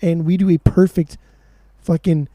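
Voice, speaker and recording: A man co-hosting a music podcast, talking in quick, excitable bursts and swearing freely. His voice sits a little high but sounds mellow and warm. The recording is dry and close. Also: dry recording. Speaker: podcast co-host. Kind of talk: casual chat about music.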